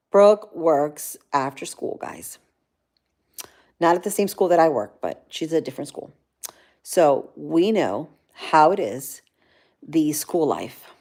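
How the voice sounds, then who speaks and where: This livestream vlogger has a mid-range, slightly mellow voice. Cold and chilled, she chats casually while reading her viewers' comments aloud and replying.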